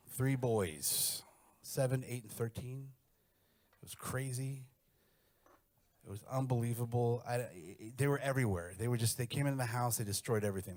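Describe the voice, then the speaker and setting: A middle-aged man doing a stand-up comedy set, telling crude stories in a brash, animated way. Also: mid-range voice.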